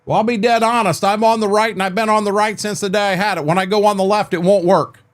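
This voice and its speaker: A man's voice: sits high, steady tone, quick pace. Rambling older man streaming a farming game. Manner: rambling, repeats and restarts words, talks to chat by name. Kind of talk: casual livestream chat with viewers. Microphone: desk microphone.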